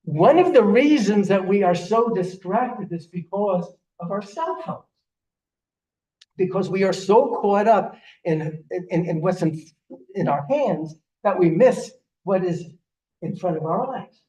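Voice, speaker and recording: A man's voice: sits high, animated, unhurried, warm tone. An older man giving a sermon as a rabbi, telling stories earnestly, often restarting his words. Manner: storytelling, earnest, with repeated restarts. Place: synagogue sanctuary. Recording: echoey room, voice from a distance.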